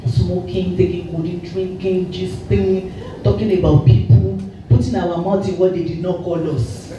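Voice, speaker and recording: A woman's voice: on the low side, unhurried. Nigerian woman, echoey hall talk. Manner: lively storytelling, mixing in Yoruba, often laughing. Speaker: actress giving a public talk. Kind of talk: motivational talk to a live audience. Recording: echoey hall, voice far from mic, faint noise.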